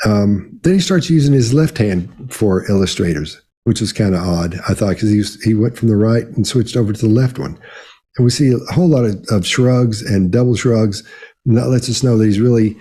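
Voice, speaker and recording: A man's voice: fairly low pitch, normal speed, mellow. A man giving analytical commentary on a video clip as a body language analyst, hesitant and tentative in his delivery. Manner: hesitant, many fillers and restarts, tentative.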